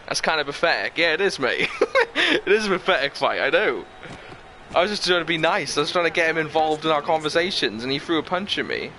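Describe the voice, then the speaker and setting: Young man, twenties, channel host, rambling casual storytelling, laughs a lot, steady background noise. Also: fairly high pitch, a little fast. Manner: rambling, chatty, laughs often.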